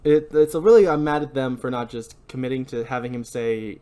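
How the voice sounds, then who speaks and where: A man's voice: mid-range voice, a little fast, warm tone, clear, resonant tone. A man hosting a podcast, chatting casually and rambling about a movie. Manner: chatty, rambling, self-interrupting with laughs. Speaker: podcast host. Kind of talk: casual movie review chat.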